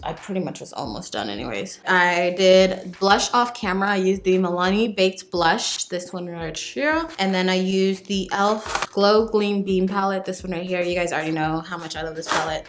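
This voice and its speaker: A young woman vlogging casually as she does her makeup, telling a story in a chatty, animated way with lots of "like". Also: lowish voice, slight background noise. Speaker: beauty vlogger.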